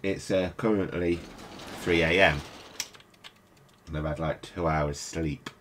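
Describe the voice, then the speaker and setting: Very deep-voiced tired British man. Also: fairly even intonation, takes it slowly, a bit bright, slight background noise. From United Kingdom. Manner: rambling, mutters to himself while playing. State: tired, up at night. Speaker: let's play host. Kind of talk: casual gameplay commentary. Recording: game music playing behind.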